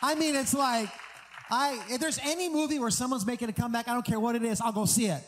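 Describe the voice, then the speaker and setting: A man's voice: very high-pitched, steady tone, quick pace, fairly bright tone, long reverb tail, slight background noise. A middle-aged American pastor preaching an earnest, conversational sermon, often restarting his sentences.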